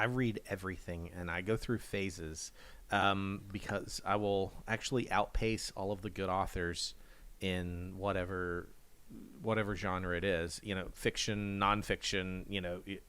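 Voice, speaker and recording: A man with a fairly low, smooth and clear voice talks casually on a podcast. He gets there in stops and starts, often restarting his sentences as he thinks. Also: fairly even intonation, fairly bright tone. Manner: halting, thinks aloud with many restarts. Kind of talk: casual chat.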